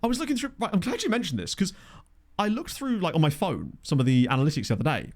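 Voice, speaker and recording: Male streamer, lively sing-song delivery, chatty, reads chat as he plays. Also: high voice, fast. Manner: chatty, reads chat aloud, laughs often. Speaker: streamer playing a football management game. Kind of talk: casual live-stream commentary.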